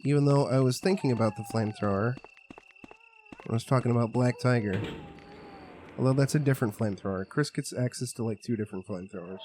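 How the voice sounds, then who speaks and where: A man's voice: mid-range voice, fast talker, darkish tone, slight background noise. A man streaming a horror game, chatting casually with his viewers in a rambling, profane, joking way. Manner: rambling, profane, jokey, talks to chat. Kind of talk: casual gameplay commentary.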